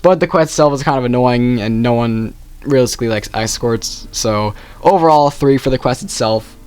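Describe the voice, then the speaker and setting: A man's voice: medium pitch, normal speed, darkish tone, clean tone. A young man casually ranking video game quests, rambling and correcting himself often. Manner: rambling, self-correcting, with frequent "like". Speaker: gaming youtuber.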